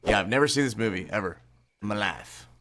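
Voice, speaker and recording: A man's voice: on the low side, animated, quick pace, bright, forceful tone, slight background noise. A man streaming live, joking and teasing his chat in a casual way.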